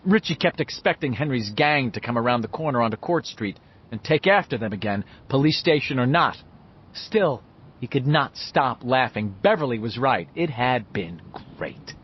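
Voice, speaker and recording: A man narrating an audiobook with expressive storytelling. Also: mid-range voice, moderate pace, slight background noise. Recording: slightly muffled, dull audio.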